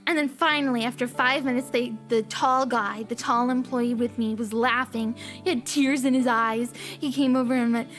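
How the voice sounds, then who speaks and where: A young woman, telling stories in an animated, giggly way on a casual chat stream and acting out the people in them. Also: high-pitched. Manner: animated storyteller, acts out voices and beeps; giggly, repeats lines for effect.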